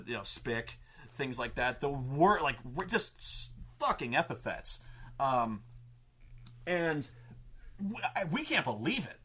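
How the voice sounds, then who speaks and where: A man's voice: fairly high pitch, sharp tone. A man telling a tabletop gaming story in a casual, profane, rambling way, full of restarts and stammered repeats. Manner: profane and emphatic. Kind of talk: casual anecdote.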